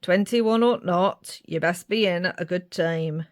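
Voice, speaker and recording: A woman's voice: on the low side, a little slow, dry recording, studio quality, lightly acted. A woman voicing a protective father with a northern English accent. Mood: stern.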